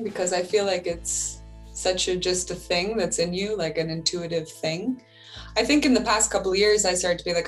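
A woman's voice: mid-range voice, fairly quick, faint music behind. A woman in her thirties, a singer and producer, talking reflectively in a casual interview and laughing often. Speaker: singer and music producer, guest.

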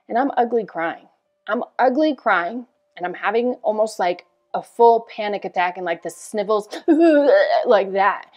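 A woman in her thirties, a health coach, telling a personal story in a candid, animated way with casual swearing. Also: mid-range voice. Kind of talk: storytelling promo talk.

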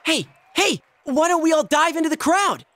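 A woman's voice: high-pitched, sing-song, normal speed, a bit bright. A woman voicing a nervous, scheming teenage boy from a video game.

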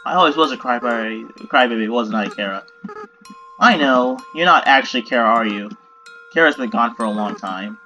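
A man's voice: expressive, moderate pace, bright, forceful tone, lo-fi sound, soft background music. A man voicing a tearful, desperate young goat-boy monster, reading game dialogue aloud in a pleading, emotional way. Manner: pleading, high-strung and emotional.

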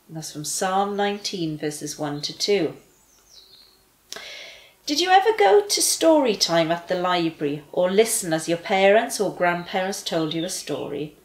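A woman reading a children's story aloud with gentle, expressive delivery. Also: on the low side, a little slow, roomy sound, low-quality recording.

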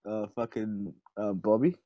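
A man's voice: lowish voice, steady tone, a little slow, no echo, highs cut off. A young man with an Australian accent chatting in loose, profane, boastful talk over voice chat on a gaming stream. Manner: swears constantly, loose and boastful. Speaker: livestream gamer. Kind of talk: casual chat over voice call.

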